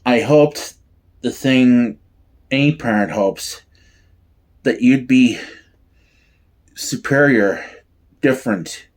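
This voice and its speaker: A man reading aloud and voicing a gentle young noble mother, in a soft, soothing, slow manner, raised higher than his own voice. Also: close to an everyday voice.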